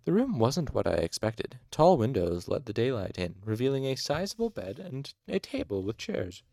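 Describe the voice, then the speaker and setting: A man reading a novel aloud in the first person at a steady, measured pace. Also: medium pitch, vocal fry, dry recording, clean studio sound. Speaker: audiobook reader.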